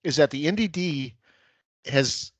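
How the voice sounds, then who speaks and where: A man co-hosting a casual sports podcast, measured and giving his predictions with small laughs. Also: a little high, expressive, no room sound. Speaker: podcast co-host. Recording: muffled lo-fi mic.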